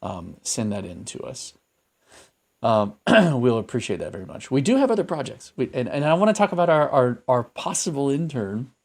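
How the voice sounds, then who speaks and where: A man's voice: medium pitch, big pitch swings, normal speed. A man co-hosting a podcast, talking in a thoughtful, rambling way with many fillers and restarts. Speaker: podcast co-host. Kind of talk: casual podcast chat.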